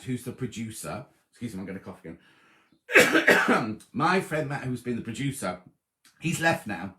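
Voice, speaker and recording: Guy chatting on a livestream, reads out comments, voice bounces up and down, echoey room. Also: medium pitch. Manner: chatty, reads viewer messages aloud, warm greetings. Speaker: host of a live sewing chat stream. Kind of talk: casual live-stream chat reading comments. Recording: roomy echoey live stream.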